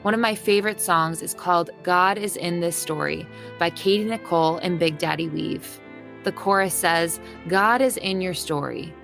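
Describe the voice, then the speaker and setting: Gravelly-voiced woman hosting a podcast. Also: on the low side, steady tone, moderate pace, fairly bright tone. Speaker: podcast host. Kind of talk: scripted podcast introduction. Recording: faint music behind voice.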